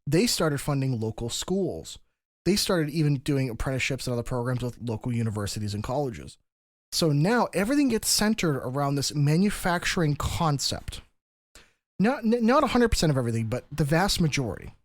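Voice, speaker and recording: Fairly high-voiced man explaining at length. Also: big pitch swings, brisk, dry recording, clean studio sound. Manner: explanatory, talks in long run-on stretches with restarts and laughs. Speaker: podcast co-host. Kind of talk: casual podcast discussion.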